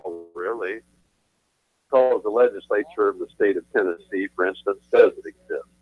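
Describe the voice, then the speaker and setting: A man's voice: fairly low pitch, moderate pace, husky, no echo, faint music behind. A man, an attorney guest on a radio talk show, explaining his views in an emphatic, lecturing way and repeating phrases for stress. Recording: tinny phone line, dry.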